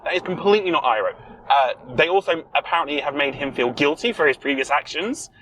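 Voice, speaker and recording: A young man co-hosting a podcast in casual chat, talking in an opinionated, emphatic way with quick rebuttals. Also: on the high side, lively intonation, fairly bright tone, slight background noise, poor audio. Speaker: podcast co-host.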